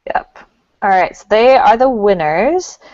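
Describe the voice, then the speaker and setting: A woman's voice: medium pitch, lively intonation, unhurried, darkish tone, no room sound. A woman co-hosting a casual talk show as the psychic, chatty and giggly. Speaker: co-host, psychic. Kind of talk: casual chat. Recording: dull lo-fi sound.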